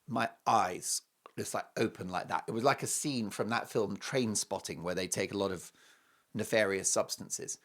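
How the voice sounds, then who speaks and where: A middle-aged man hosting a talk show, joking through an animated, self-mocking monologue that swings between loud bursts and hushed asides. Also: on the low side, normal speed. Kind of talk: comic monologue.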